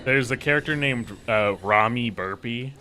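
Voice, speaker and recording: A man's voice: medium pitch, moderate pace, sharp tone, soft background music. A man chatting casually while playing a video game, rambling, swearing freely and trailing off mid-sentence. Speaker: gameplay commentator.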